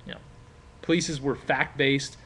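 With fairly even intonation and a measured pace, a man with a mid-range, fairly bright voice teaches a class. He's relaxed and chatty, full of fillers and rhetorical questions, explaining things and slipping into role-play. Slight background noise is present.

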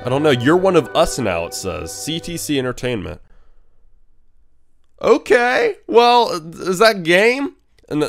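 A young man commentating a horror video game he is playing, muttering tensely one moment and yelling excitedly the next. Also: medium pitch. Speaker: gaming youtuber. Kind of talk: let's play commentary. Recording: game music behind the voice.

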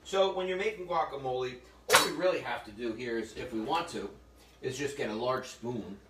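Heavy background noise accompanies this middle-aged cooking show host, whose mid-range voice moves a little fast. He chats, jokes, and tells stories to viewers while working in a kitchen, captured at a distance in an echoey room with faint ambience.

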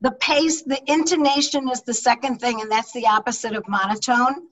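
Energetic woman coaching on a video call. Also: on the high side, normal speed, far from the mic, rough recording. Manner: energetic, emphatic teaching with acted examples. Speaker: public speaking coach. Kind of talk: online leadership talk. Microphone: video call microphone.

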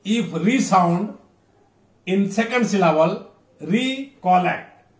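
A high-voiced man with an Odia accent teaches a lesson, spacing his words out and saying each example twice. He sounds some distance from the mic, in a room that echoes. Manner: slow, deliberate, repeats words. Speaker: English teacher. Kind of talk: classroom lesson.

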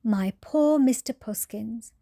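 A woman's voice: a little high, takes it slowly, creaky, dark tone, no room sound, studio quality, heavily acted. A woman voicing a kind young girl in a storybook, talking in an earnest, gasping way. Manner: gasping, earnest, scolding then pleading. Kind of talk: bedtime storybook voice.

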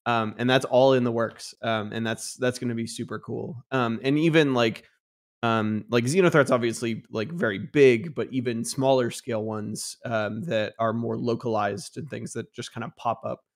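A man working as a game developer, a guest on a podcast, explaining things in a halting, enthusiastic way, with lots of fillers. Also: medium pitch, steady tone. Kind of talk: casual podcast chat.

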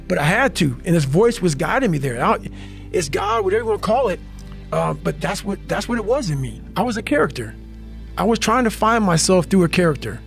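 A man with a high, gravelly voice talks with raw intensity, blunt and profane, hammering his points and stumbling into repeats when fired up. Faint music plays underneath. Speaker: podcast guest. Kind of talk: intense motivational storytelling.

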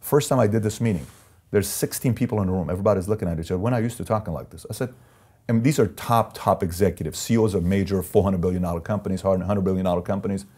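A man's voice: deep voice, fast talker, dark tone, breathy edge. A man telling stories from his business life as an interview guest, in an intense, emphatic way, acting out the voices of the people he quotes. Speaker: interview guest, company CEO. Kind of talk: storytelling in a sit-down interview.

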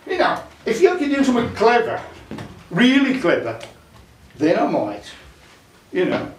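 A cheeky Black Country countryman, as a storyteller plays him, refusing to be impressed. The voice is high and lively, carried through an echoey club from a distance. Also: unhurried, slight background noise, exaggerated voice. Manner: cheeky, unimpressed. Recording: roomy club sound from afar.

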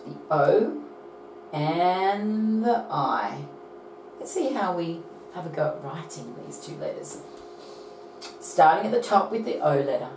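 A woman's voice: deep voice, noisy background. A woman teaching phonics to young children, telling a story and coaxing them to join in. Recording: roomy echo from a distance.

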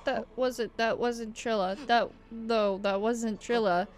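A woman gamer, crying and emotional, swears through a let's play reaction. Her voice sits high and she speaks slowly. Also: fairly even intonation, soft background music.

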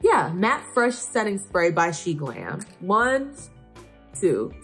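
A woman's voice: on the low side, very animated, takes it slowly, fairly bright tone, faint music behind. A young woman doing a casual makeup tutorial as a beauty vlogger, counting layers aloud in a playfully exasperated way.

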